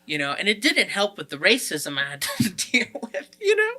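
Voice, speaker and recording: A man chatting on a casual podcast, swearing freely and laughing between jokes. His voice is strikingly bright and sharp. He rambles with loose filler words. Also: high-pitched, wildly swooping pitch, moderate pace. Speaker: podcast co-host.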